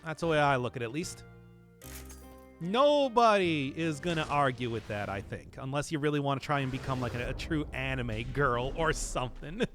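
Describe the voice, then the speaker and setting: A man's voice: mid-range voice, expressive, moderate pace, fairly bright tone, faint music behind. A man streaming a video game, chatting casually and rambling to his viewers while he plays. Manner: chatty and rambling, talking to chat while playing. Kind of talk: casual gameplay commentary.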